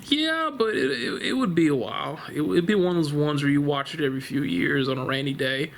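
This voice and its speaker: A man chats loosely about a horror film from his living room couch, wandering off track and swearing bluntly as he goes. His voice sits a little high for a man, and a faint hiss hangs under the home recording. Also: animated, brisk. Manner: rambling, laughing, blunt and profane. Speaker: vlogger reviewing a horror film. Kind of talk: casual spoken film review.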